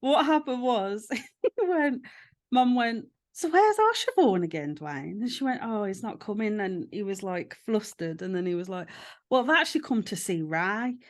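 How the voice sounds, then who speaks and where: Animated woman hosting a chat. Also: mid-range voice, normal speed. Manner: animated storytelling, acting out quoted voices. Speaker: podcast host. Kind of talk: casual chat.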